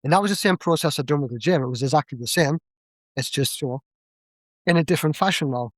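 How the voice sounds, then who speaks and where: Guesting on a podcast, this young Northeast English man talks fast, lively and chatty, in a relaxed conversational style. His pitch runs a little high, and the close, dry audio carries no echo.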